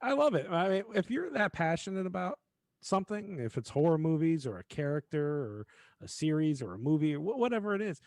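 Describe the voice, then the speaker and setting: Mellow-voiced man co-hosting. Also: a little high, sing-song, a little fast, dry recording. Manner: laid-back, uses filler words. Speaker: co-host. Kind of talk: casual radio chat.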